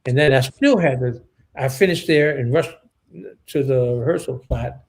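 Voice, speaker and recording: Brief: male interview guest, gravelly tone, subdued, halting storyteller. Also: medium pitch, darkish tone, poor audio. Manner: halting, many restarts and fillers; shaken and subdued. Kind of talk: emotional personal storytelling.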